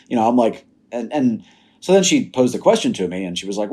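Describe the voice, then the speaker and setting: Dark, husky-voiced man telling a story. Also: fairly low pitch, fast. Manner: animated, laughs while telling stories. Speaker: podcast guest. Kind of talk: casual storytelling.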